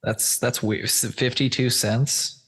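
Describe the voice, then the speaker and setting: A man's voice: mid-range voice, fairly even intonation, takes it slowly, fairly bright tone, breathy edge. A man hosting a podcast in casual chat, loose, rambling and profane, addressing listeners as folks while walking through a shared screen. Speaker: podcast host.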